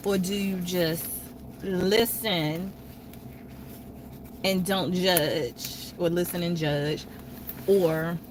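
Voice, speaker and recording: Slow-talking chatty woman on a livestream. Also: on the low side, background noise. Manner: chatty, animated storytelling with quoted voices. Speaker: livestream host. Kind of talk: casual livestream chat with viewers.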